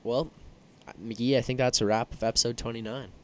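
A man with a smooth, clear voice co-hosts a podcast, thanking listeners in a loose, filler-filled wrap-up. His pitch sits in the ordinary middle. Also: fairly even intonation, no echo. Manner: friendly, filler-heavy, hurried wrap-up. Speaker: podcast co-host. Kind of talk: casual podcast sign-off.

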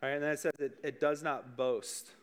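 A man's voice: mid-range voice, fairly even intonation, fairly quick. A young man preaching as a youth pastor, talking casually, joking, and asking his listeners questions. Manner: joking, conversational, addresses the room directly.

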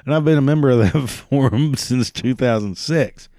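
A man's voice: medium pitch, normal speed, dark tone, no room sound, clean studio sound. A man ranting in a sarcastic, mocking, profane monologue. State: prone to coughing fits.

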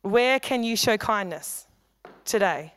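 Woman pastor, smooth clear voice, dry close sound, chatty joking sermon delivery. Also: medium pitch, expressive, no echo. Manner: conversational, humorous preaching with quick asides. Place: church hall.

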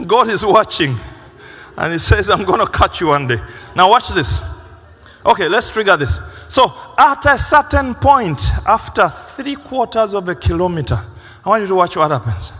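Animated high-voiced male preacher in a hall. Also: normal speed, breathy edge. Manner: animated preaching, acting out quoted voices, laughing with the congregation. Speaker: pastor. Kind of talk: sermon. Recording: long reverb of a large hall.

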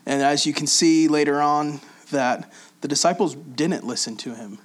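A man preaching in a relaxed, conversational way, reading scripture aloud and explaining it with frequent pauses and fillers. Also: a little high. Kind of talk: casual Bible teaching.

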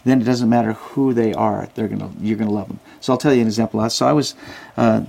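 Man guest with a gravelly voice, spins energetic stories and mimics the people in them. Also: on the low side, fast talker. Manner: animated anecdotes, acts out quoted voices. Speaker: guest, Christian outreach worker. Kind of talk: casual interview storytelling. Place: Salt Lake City.

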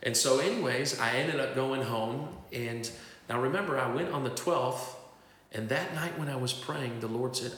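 Gravelly male preacher in an echoey hall. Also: medium pitch, normal speed, a bit bright, slight background noise. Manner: storytelling, acting out the voices he quotes. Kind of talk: testimony sermon.

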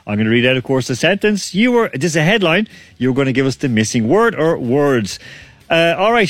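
A man's voice: fairly high pitch, big pitch swings, brisk, no room sound, soft background music. A man hosting a casual online quiz, chatty and laughing often. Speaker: quiz host.

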